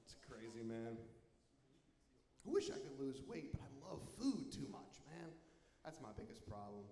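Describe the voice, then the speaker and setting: A young man performing a self-mocking stand-up comedy set, animated, breaking into loud silly voices. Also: medium pitch, moderate pace, creaky. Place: comedy venue with live audience. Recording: echoey live hall with crowd.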